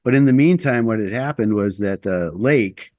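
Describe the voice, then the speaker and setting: A man's voice: lowish voice, normal speed, dry recording, phone-quality sound. A middle-aged man telling a long personal story as an interview guest, rambling and self-deprecating with lots of fillers.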